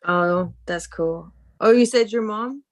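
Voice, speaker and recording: A woman's voice: mid-range voice, slow pace, dry recording. A woman hosting a casual chat, telling easygoing stories and acting out the lines of people in them. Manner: easygoing storyteller, acts out quoted lines. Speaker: podcast host.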